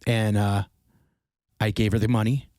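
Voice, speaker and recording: Animated storytelling man, dry close sound. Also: on the low side, measured pace, no room sound. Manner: animated storyteller, swears freely. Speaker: podcast guest. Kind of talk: casual chat.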